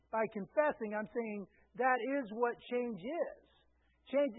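A middle-aged man delivers a conversational sermon with a voice pitched high for a man. He is earnest and informal, and he keeps checking in with his listeners. The recording is thin and tinny, like a phone line. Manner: earnest, informal, talks to the room directly. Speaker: preacher.

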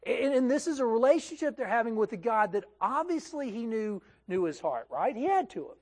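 A male pastor preaching a sermon in a lively, conversational way, often checking in with his listeners and restarting his phrases. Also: very high voice, brisk, few pauses.

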